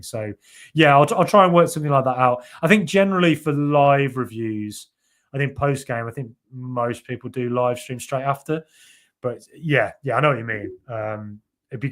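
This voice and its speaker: A man's voice: medium pitch, a bit bright. A man hosting a football podcast live stream, chatting casually and reading out viewer comments in a rambling way with lots of fillers.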